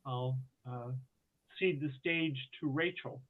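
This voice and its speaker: A man's voice: medium pitch, takes it slowly. A male playwright introducing himself in a wry, brief manner during a roundtable. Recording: tinny phone-like audio.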